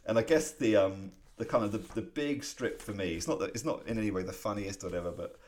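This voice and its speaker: This is a man with a very low, deep voice, talking in a relaxed podcast chat. He retells comic strips panel by panel, with animated delivery and bursts of laughter. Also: fast talker. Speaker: podcast co-host.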